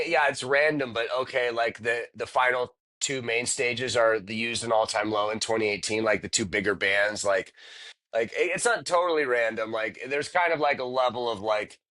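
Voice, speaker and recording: A man's voice: medium pitch, sharp tone, no room sound. A man co-hosting a podcast in casual chat, joking and rambling with frequent swearing. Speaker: podcast co-host.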